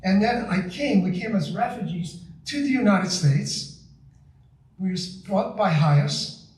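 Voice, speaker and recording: A man's voice: sits high, animated, a little slow, a little mellow. A man in his seventies with a slight Eastern European accent, telling stories during a public lecture, asking the audience rhetorical questions and checking in with "okay?" and "right?". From born in the Soviet Union, raised partly in Poland and the US. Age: 70s. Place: community center hall. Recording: echoey hall, far from the mic, faint noise.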